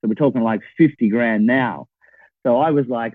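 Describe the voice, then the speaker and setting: A man in his sixties, a guest telling an animated story and checking in with his listeners as he goes. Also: medium pitch, normal speed, dry recording. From Australia. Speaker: podcast guest, property investor. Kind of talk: storytelling in a conversation. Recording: tinny phone-like line, dry.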